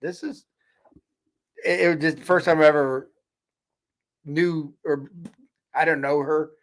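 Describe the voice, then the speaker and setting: A man's voice: a little high, steady tone, unhurried. A man co-hosting a casual podcast chat, mostly giving short, laid-back reactions and asides. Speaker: podcast co-host.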